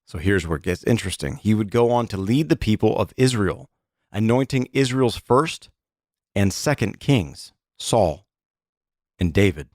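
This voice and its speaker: A man with a fairly low voice reads through a list of stories for a casual podcast. He halts, restarts and fills gaps with little sounds. The recording is close and dry, with no room around it. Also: animated, darkish tone, no echo. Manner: halting, reads aloud with many fillers and restarts. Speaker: podcast co-host. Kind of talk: casual chat, reading a list aloud.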